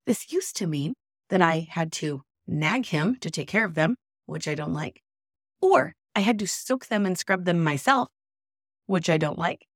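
Lively, emphatic woman podcast host. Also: lowish voice, measured pace, husky, no echo, clean studio sound. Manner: emphatic, exasperated storytelling. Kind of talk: personal monologue podcast.

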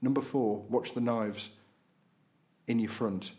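A man's voice: mid-range voice, steady tone, slow, dark tone. A man hosting a podcast, chatting casually through local and political news with frequent fillers. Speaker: podcast host.

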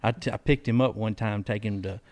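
A man hosting a podcast, in relaxed banter and laughing easily. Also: lowish voice, fast. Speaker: podcast host. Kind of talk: casual chat.

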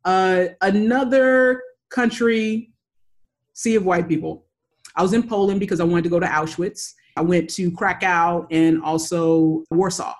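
A woman from the United States telling a travel story in casual chat, animated and acting out the voices of the people in it. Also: fairly low pitch, a little slow.

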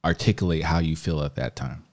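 A man co-hosting a podcast, explaining his points in measured casual chat. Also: very deep voice, darkish tone. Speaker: podcast co-host.

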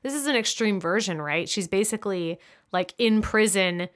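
A woman's voice: medium pitch, normal speed. A woman co-hosting a podcast, chatting casually and finishing her co-host's thoughts. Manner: conversational, chimes in to finish the other host's thoughts. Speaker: podcast co-host. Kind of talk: casual chat.

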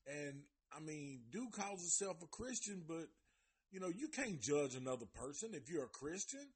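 A man's voice: fairly high pitch, moderate pace, husky. A man hosting a live review show, retelling a story in a casual, profane way with lots of slang and cursing. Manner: animated retelling with exaggerated voices of the people in it; heavy cursing, loose slangy delivery. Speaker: live show host reviewing a documentary series.

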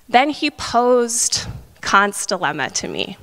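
A woman's voice: fairly high pitch, slow pace. Chatty woman preacher in a reverberant hall. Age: 30s. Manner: chatty, animated storytelling. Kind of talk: sermon.

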